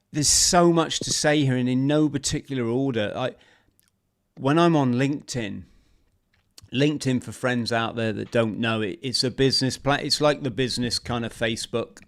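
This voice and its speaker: A man hosting a podcast, chatting casually with frequent restarts and addressing listeners as friends. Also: medium pitch. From United Kingdom. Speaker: podcast host.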